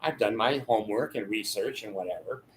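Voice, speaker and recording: A man's voice: on the low side, brisk, a little hiss or hum. An older man talking in a rambling monologue, laughing mid-sentence and acting out the voices of people in his stories. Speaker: channel host giving advice. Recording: echoey room.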